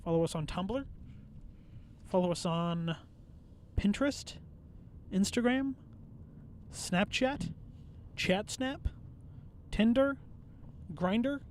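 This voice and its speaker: A man co-hosting a podcast, chatting casually in an animated, rambling way with lots of swearing and restarts. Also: high voice, slow, pauses often, slight background noise. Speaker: podcast co-host. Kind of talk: casual chat. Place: outdoors at a bridge.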